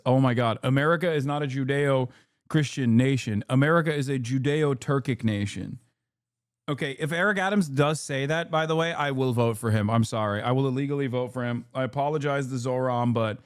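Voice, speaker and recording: A man's voice: mid-range voice, no echo, studio quality. A man reacting on a live stream, arguing with a clip and joking with his chat in a heated, profane way.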